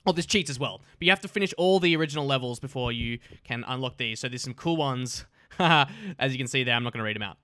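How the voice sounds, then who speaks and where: A man's voice: medium pitch, expressive, fast, pushed and bright, no echo, clean studio sound. A man giving casual, crude and jokey gameplay commentary as host of his gaming videos.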